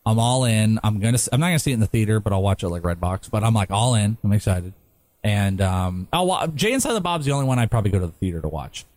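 Joking guy cohosting a podcast, lively up and down voice, really dry close sound. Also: lowish voice, quick pace, no room sound. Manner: animated, joking, laughs often. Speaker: podcast co-host. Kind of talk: casual banter.

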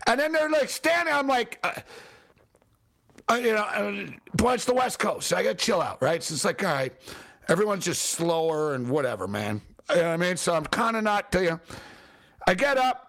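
A man hosts his own show and rants through a story in a loose, filler-heavy way. His voice sits high for a man and leaps up and down as he gets worked up. He sounds exasperated and animated. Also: normal speed. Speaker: show host. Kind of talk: casual ranting storytelling.

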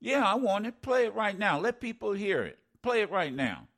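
High, animated male radio host. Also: moderate pace. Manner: animated, indignant, sarcastic asides. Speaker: radio talk show host. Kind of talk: call-in radio talk.

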